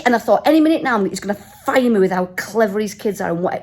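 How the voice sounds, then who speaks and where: Quick-paced and husky, her slightly high voice has a darkish tone. This fifty-something travel vlogger is tipsy in a hotel room, telling stories with gusto and no shortage of profanity for her casual vlog.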